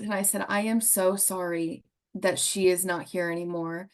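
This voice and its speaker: A woman talks on a podcast in an earnest, emotional way, with a laugh coming through now and then. Her voice sits at a middle pitch. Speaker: guest. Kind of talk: podcast conversation, storytelling.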